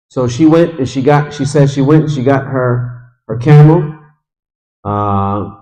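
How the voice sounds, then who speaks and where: A man's voice: medium pitch, a little mellow, rough recording. Guy teaching a mosque class, tells the story casual and emotional, drops arabic quotes then translates. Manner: conversational, retells quotes with feeling. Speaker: religious teacher. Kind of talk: storytelling lesson.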